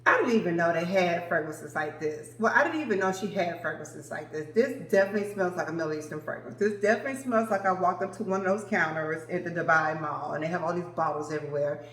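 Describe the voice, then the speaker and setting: A woman's voice: fairly low pitch, fast talker, hardly any pauses, fairly bright tone. Brief: forties woman, chatty fragrance vlogger, gushy and familiar, roomy echo. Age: 40s. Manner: chatty and gushing, calls viewers "girl" and "y'all". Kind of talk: casual chat to camera.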